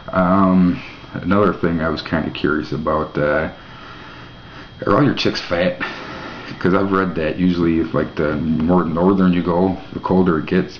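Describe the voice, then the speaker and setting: A man hosting his own vlog, rambling through mock-naive questions with dry jokes. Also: sits low. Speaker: vlog host. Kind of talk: casual rambling monologue to camera. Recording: echoey room, dull lo-fi mic, faint hiss.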